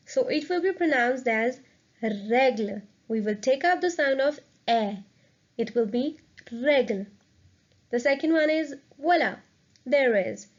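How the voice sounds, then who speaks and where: High-voiced woman teaching French. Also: dull audio. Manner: clear, explanatory, upbeat. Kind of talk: lesson narration.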